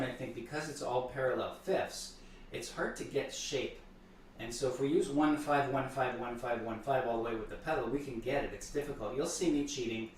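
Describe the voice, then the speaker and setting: A man's voice: mid-range voice, slight background noise. A man talking through piano pieces as a teacher, thoughtful and restarting words as he explains. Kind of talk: explaining piano repertoire between playing. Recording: echoey room, voice far from the mic.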